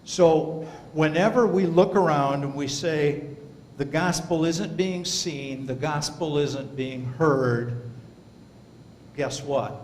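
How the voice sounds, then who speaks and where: A man's voice: slow pace, darkish tone. A man teaching a Sunday Bible class in a church, earnest and emphatic, reading scripture aloud between his points. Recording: roomy hall reverb, faint rumble.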